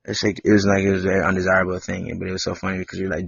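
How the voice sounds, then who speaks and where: A man hosting a casual home podcast, talking in a husky, somewhat low voice. He rambles through his story with constant fillers and restarts. The recording is dull and lo-fi, very dry. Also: completely flat delivery, very fast, no room sound. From Wisconsin. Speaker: podcast host.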